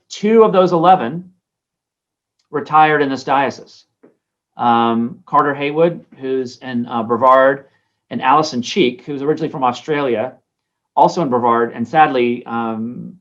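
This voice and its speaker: Over a video call, a bishop with a mid-range voice teaches a class as an informal lecture filled with anecdotes. His delivery is conversational, with many ums and restarts. The sound is lo-fi.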